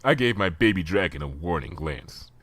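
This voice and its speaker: A man reading fan fiction aloud as a storybook narrator, expressive and varied, recorded dry and close. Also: sits low, moderate pace, no room sound. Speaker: fanfiction reader.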